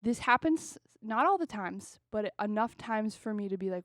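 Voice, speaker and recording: A young woman co-hosting a podcast, telling stories in a casual, animated way and laughing often. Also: medium pitch, normal speed, no echo, clean studio sound. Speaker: podcast co-host. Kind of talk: casual chat.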